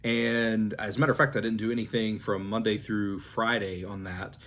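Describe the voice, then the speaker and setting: A man in a casual vlog, relaxed and rambling, thinking aloud with fillers and restarts while he shows his flashcards. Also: lowish voice, normal speed. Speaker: language-learning vlogger. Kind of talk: casual demonstration talk.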